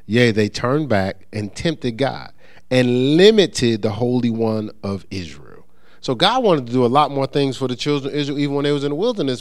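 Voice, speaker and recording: A middle-aged man preaching an informal sermon, reading scripture and talking it through in a loose, conversational, animated way. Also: medium pitch, no room sound, studio quality. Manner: conversational, animated, with many restarts and sports anecdotes.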